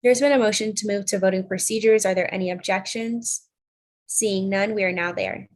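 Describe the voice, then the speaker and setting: Young woman, meeting chair, procedural phrasing, relaxed asides. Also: mid-range voice, normal speed. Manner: procedural, casual between motions. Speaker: senate presiding officer.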